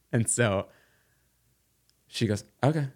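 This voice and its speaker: A man's voice: mid-range voice, very slow. A middle-aged man chatting casually as a podcast guest, telling a long story with many fillers and restarts. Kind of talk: casual chat.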